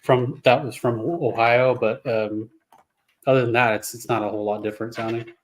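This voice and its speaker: A man's voice: mid-range voice, moderate pace. A man from the United States chatting casually on a livestream, answering briefly and easily. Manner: relaxed, brief replies. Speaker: livestream host. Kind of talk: casual chat.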